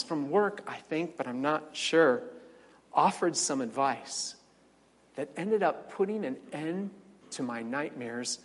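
A man's voice: on the high side, big-room sound. A middle-aged male pastor preaching a sermon, storytelling with dramatic swells and wry asides.

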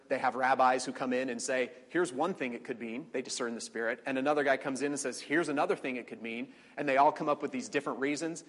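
A man teaching a conversational Bible study, chatty, with fillers and quick quoted asides. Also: medium pitch, a bit bright. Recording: long reverberant hall.

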